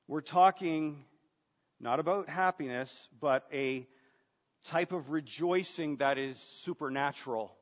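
A man's voice: fairly high pitch, fairly bright tone. Male pastor, sermon delivery, earnest and questioning, slightly muffled recording. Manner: earnest, rhetorical questions, repeats words. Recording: dull sound, long reverb of a large room.

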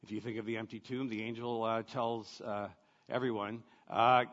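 A man's voice: fairly low pitch, little pitch movement, normal speed, a bit bright. A man preaching a sermon in a conversational, emphatic way, asking his listeners questions. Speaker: pastor. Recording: dull lo-fi sound with long reverb.

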